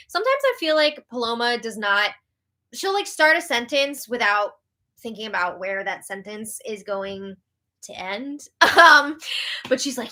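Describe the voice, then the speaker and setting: A woman hosting a live reality-show recap, animated and exasperated as she reads out viewer comments. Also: a little high, unhurried. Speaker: host.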